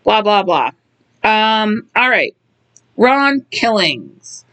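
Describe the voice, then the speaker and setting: A woman's voice: medium pitch, big pitch swings, very slow, a bit bright. A woman co-hosting a podcast, recapping wrestling in casual chat, blunt and offhand with many fillers. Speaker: podcast co-host.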